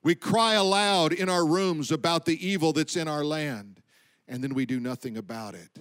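A man with a high voice preaches a sermon. He speaks with emphasis, slows down on his key points, and lets his voice fall low at the ends of lines. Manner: emphatic preaching, slowing for stress and dropping low at line ends. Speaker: pastor.

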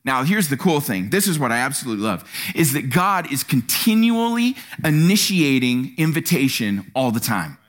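A man preaching a sermon in a church, animated and acting out quotes. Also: moderate pace, hardly any pauses. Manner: animated, acts out quotes with sudden pitch jumps. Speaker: pastor.

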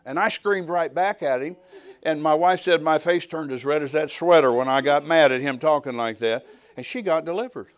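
An older man preaching a sermon, telling personal stories in an animated way and acting out the dialogue. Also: on the high side, moderate pace. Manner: animated storytelling, acts out dialogue, swells to shouting at climaxes.

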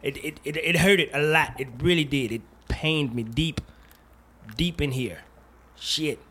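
A man hosting a casual podcast, talking in an animated, jokey way with plenty of profanity and rambling asides. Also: a little high, unhurried, husky. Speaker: podcast host. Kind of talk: casual chat.

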